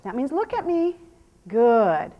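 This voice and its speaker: A woman with a slightly raised voice teaches horse handling as she works, talking to the viewer in plain steps. Between explanations she drops to gentle, hushed praise for the horse. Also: fairly high pitch, big pitch swings, slow, muffled recording. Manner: soothing, praising the horse with soft murmurs. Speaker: horse trainer. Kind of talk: hands-on training demonstration.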